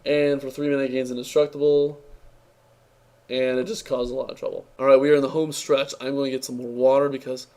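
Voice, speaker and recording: A man's voice: mid-range voice, flat delivery, fairly quick, a little mellow. A young man with a tired, strained voice, giving an offhand, sarcastic review in casual speech, full of fillers and restarts. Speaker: card game reviewer.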